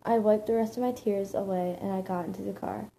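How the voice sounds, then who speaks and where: A woman reads a first-person story aloud in a plain, matter-of-fact way. Her voice is mellow and dark-toned, at an ordinary middle pitch. The delivery stays steady, like reading from a page. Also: a little fast, gravelly, a little hiss or hum, rough recording.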